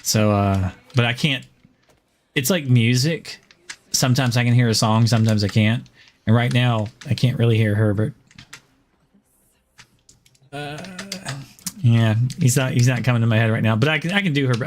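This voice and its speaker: Over slight background noise, a man's mid-range voice rambles casually through game stream chat, full of chuckles and fillers. He comes from the Southern United States but has no Southern accent.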